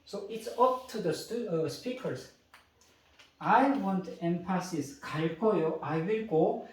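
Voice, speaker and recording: A man's voice: high-pitched, normal speed, darkish tone, recorded from a distance. A man with a Korean accent, a native Korean speaker teaching a grammar lesson in English, explaining step by step and often checking with "okay?" and "right?". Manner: switches between English and Korean example phrases. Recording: echoey room, voice away from mic.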